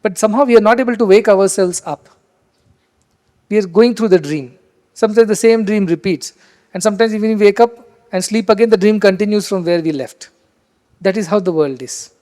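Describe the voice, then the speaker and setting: A man giving a spiritual discourse, animated and rhetorical, acting out quoted voices as he teaches. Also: high-pitched.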